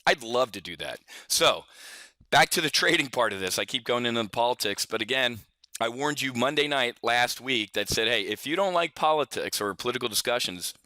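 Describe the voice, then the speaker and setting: A man's voice: mid-range voice, expressive, a little fast, sharp tone, dry recording. A man giving a rambling, opinionated market update for his trading members, full of folksy asides and restarts. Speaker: options trading educator. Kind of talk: casual solo market update.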